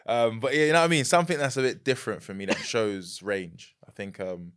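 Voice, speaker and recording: A young man with a London accent, chatting as a podcast guest, animated and quick to laugh. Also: on the low side, clear, resonant tone. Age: young adult. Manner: animated, laughs easily, repeats words. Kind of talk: casual chat.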